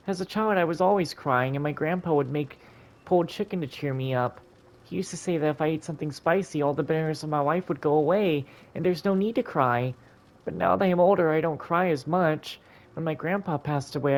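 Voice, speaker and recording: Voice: medium pitch, pitched above the performer's own voice, lightly acted. A gamer putting on a tearful young woman. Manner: halting, emotional storytelling.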